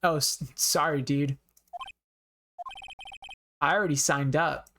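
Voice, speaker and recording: A woman's voice: sits low, fairly even intonation, slow pace, a bit bright, slight background noise, pitched below the performer's own voice, exaggerated voice. A woman voicing a laid-back adult man who keeps saying dude, in an easygoing, slangy drawl.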